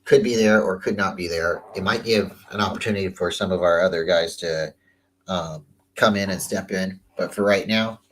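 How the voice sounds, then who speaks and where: Low-pitched man, sports talk host, casual, repeats himself, chatty. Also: steady tone, normal speed, fairly bright tone, a little hiss or hum, low-quality recording. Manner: loose and chatty, repeats words, trails off.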